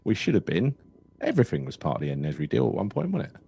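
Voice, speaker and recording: Deep-voiced, swearing football chat man. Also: huge pitch swings, very fast, creaky, dark tone, husky. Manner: chatty, swears freely, tells anecdotes. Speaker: podcast co-host. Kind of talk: casual football banter.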